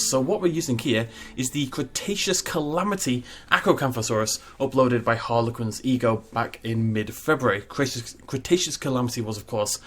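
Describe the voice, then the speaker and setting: A man giving casual, self-mocking commentary while building a park in a game, chatty with jokey asides. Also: medium pitch. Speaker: gaming YouTuber.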